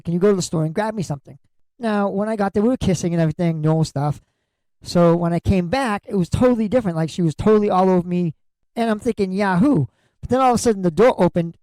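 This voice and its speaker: A man's voice: high-pitched, darkish tone, no room sound, rough recording. A middle-aged man hosting a podcast, telling comic stories in a crude, joking way and swearing freely as he acts out what people said. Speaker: podcast host. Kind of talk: comedic storytelling monologue.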